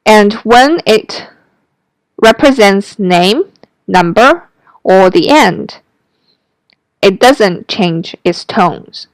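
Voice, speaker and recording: A woman teaching a Mandarin pronunciation lesson, taking her time over every word. Her voice is smooth and clear, and it is recorded dry and close, with no room sound. She models each syllable carefully for the listener to repeat. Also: medium pitch, expressive, drawn-out words, long pauses, no echo. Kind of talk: slow, careful language lesson narration.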